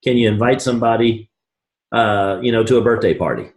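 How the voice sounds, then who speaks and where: A man giving a folksy, pushy motivational sales pitch to an event audience. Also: a little fast, a little mellow, roomy sound. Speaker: presenter at a business opportunity event.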